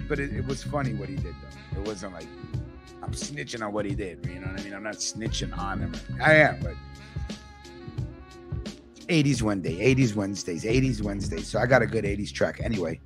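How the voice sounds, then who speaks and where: A man's voice: fairly low pitch, expressive, brisk, music in the background. A man hosting a casual podcast, talking in a rambling, profane way. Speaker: podcast host.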